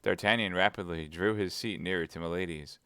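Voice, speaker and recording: A man reading a classic novel aloud on a live stream, in measured, steady narration. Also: low-pitched, clean tone, dry recording, clean studio sound. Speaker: reader, streamer.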